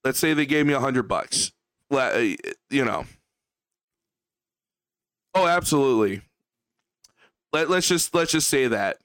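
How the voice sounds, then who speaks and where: A man's voice: medium pitch, expressive, measured pace, pauses often, a bit bright, smooth, dry recording. A man ranting on his livestream, profane, heated and repetitive as he talks to his chat. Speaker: streamer.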